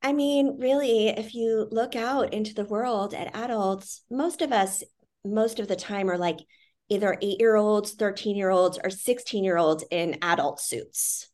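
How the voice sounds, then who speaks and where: A woman's voice: mid-range voice, a little slow, darkish tone. A woman speaking as an interview guest, earnest and reflective, with the odd "like" and "you know". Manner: earnest, reflective, with frequent fillers. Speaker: parenting institute CEO, guest. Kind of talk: conversational interview.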